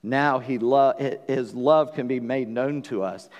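A man preaching a sermon as pastor, earnest, swinging between loud emphasis and hushed passages. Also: medium pitch, a little slow, dull audio. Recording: long reverb of a church hall.

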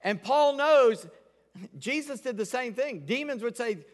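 A man's voice: very high-pitched, animated, normal speed. A man preaching a sermon from the pulpit, candid and emphatic. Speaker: pastor. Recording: long hall reverb.

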